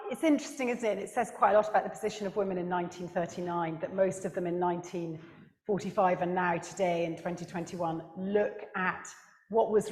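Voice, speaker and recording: Animated woman in an echoey hall. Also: fairly low pitch. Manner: animated, quick asides, laughs at her own stories. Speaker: author and historian. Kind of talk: panel discussion at a book festival. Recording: echoey hall with long reverb.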